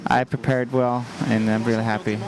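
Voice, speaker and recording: A male athlete answers post-race questions with modest, halting short phrases. A lively crowd can be heard clearly around him outdoors. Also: mid-range voice. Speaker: athlete being interviewed. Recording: outdoor event with crowd behind.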